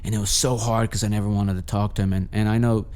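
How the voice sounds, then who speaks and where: A man talks through a long personal story in a loose, rambling way, swearing often and restarting his sentences. His voice sits low and sounds smooth and clear. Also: little pitch movement, fast, a little mellow. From Los Angeles. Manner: profane, rambling, frequent restarts. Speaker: podcast guest. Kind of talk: casual storytelling.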